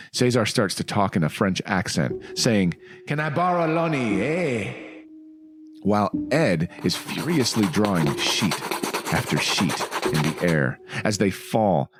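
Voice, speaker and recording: A man co-hosting a comic book podcast, reading a listener's email aloud with playful, swearing asides. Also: sits low. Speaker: podcast co-host.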